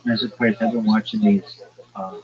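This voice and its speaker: A man's voice: lowish voice, moderate pace, a crowd in the background. A man hosting a livestream, chatting casually and telling rambling stories. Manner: rambling, animated storytelling. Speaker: livestream host. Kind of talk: casual chat. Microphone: livestream call audio. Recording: dull lo-fi livestream audio.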